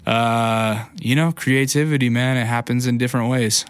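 A man's voice: medium pitch, steady tone, fairly quick, few pauses, no echo. A young man hosting a podcast, telling a camping story in a loose, profane, filler-heavy ranting way. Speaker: podcast host. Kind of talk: casual storytelling monologue.

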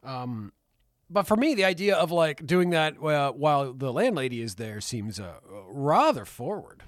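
A man's voice: on the high side, very animated, normal speed, no echo, clean studio sound. A man co-hosting a film podcast, joking and reading out listener comments in casual chat. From maritime region. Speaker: podcast co-host.

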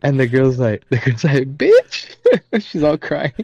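Young man, podcast co-host, casual chat, loud laughing reactions, mid-pitched voice, dry close mic. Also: steady tone, moderate pace, no room sound.

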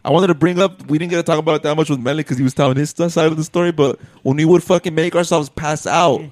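Young male podcast host, high pitch, crude joking banter with Spanish slang. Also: steady tone, quick pace, a little mellow, no room sound. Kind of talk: casual podcast chat.

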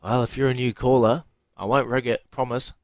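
A man's voice: mid-range voice, fairly even intonation, fairly quick, darkish tone, no room sound. A man hosting breakfast radio, upbeat and promotional. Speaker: radio host. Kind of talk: casual breakfast radio banter.

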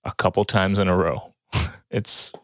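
A man's voice: deep voice, fairly even intonation, a little slow, no room sound, studio quality. A man co-hosting a podcast in casual chat, enthusiastic and laughing often as he reads out quotes. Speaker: podcast co-host.

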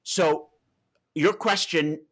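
A man's voice: a little high, drawn-out words. A man being interviewed about his book, explaining at length with anecdotes and acting out the dialogue he recalls. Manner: animated, acts out quoted dialogue.

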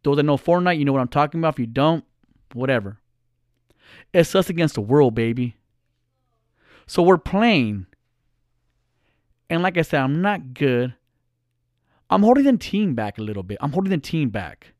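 A man's voice: fairly high pitch, sing-song, normal speed, pauses often, dry recording, clean studio sound. A middle-aged man vlogging in a blunt, profane, heated rant straight to his viewers. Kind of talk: casual ranting monologue.

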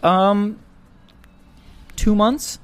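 A young man with a slightly high voice tells a story in casual chat. He is animated and laughs often, and he acts out the people in his story. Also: very slow, clear, resonant tone. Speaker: guest filmmaker.

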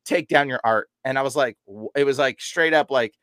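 A young man as a podcast guest, telling an animated story and acting out quotes with sudden jumps in pitch. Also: brisk, no room sound. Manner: excitable, acts out quotes with big pitch jumps. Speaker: podcast guest, deliverance minister. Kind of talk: animated storytelling in casual chat.

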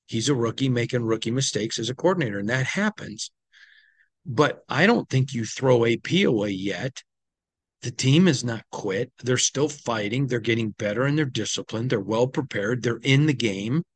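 An animated man with a medium-pitched, breathy-edged voice speaks at normal speed, recorded with no room sound. He's an insider hosting a sports team recap podcast, offering opinions conversationally with frequent ums while sounding tired and yawning.

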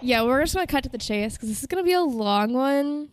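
A woman co-hosting a podcast, chiming in with quick, wry remarks during casual chat. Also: sits high, lively intonation. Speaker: podcast co-host.

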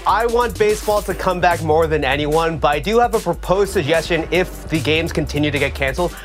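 A man giving quick, opinionated takes as a panelist on a sports debate show. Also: soft background music. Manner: quick, opinionated pitching of ideas.

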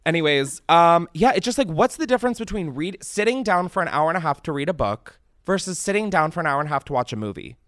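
A man's voice: fairly high pitch, fast, few pauses, no echo, studio quality. Profane, fired-up young man ranting. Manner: animated, profane, rants with rising exasperation. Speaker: podcast host. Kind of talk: casual ranting chat.

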